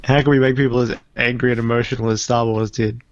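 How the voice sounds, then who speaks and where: A man's voice: mid-range voice, little pitch movement, fast, no room sound, muffled recording. A man co-hosting a casual comedy podcast, rambling through a story with frequent laughs and restarts. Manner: rambling, laughs often, trails off mid-sentence. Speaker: podcast co-host.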